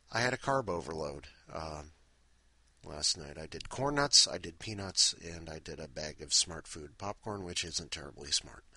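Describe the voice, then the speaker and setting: A man's voice: sits low, gravelly, pushed and bright, husky, no room sound. A man hosting a podcast in casual, rambling, self-deprecating chat. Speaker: podcast host.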